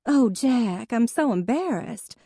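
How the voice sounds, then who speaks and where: A woman voicing a fussy, easily wounded older sister who sounds high, tearful and prim. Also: lively intonation, slow, mellow, slightly rough, no room sound, studio quality, full character voice. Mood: teary.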